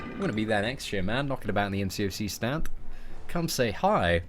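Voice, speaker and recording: A man's voice: lowish voice, big pitch swings, brisk, faint music behind. Jokey English man streaming games. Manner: jokey, chatty, calls listeners mate and boys. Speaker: gaming streamer. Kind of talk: casual live-stream chat while gaming.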